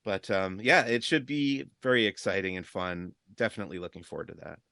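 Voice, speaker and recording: A man chatting casually as a podcast guest, easygoing and quick to laugh. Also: fairly low pitch, creaky, bright, forceful tone, no echo, studio quality. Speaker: podcast guest, entertainment reporter. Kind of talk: casual chat.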